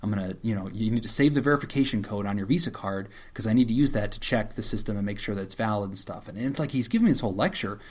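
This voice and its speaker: A man's voice: on the low side, rapid-fire, few pauses. A middle-aged man, a therapist co-hosting a podcast, telling a story in casual chat and acting out the voices of the people in it. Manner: animated storyteller who acts out quotes.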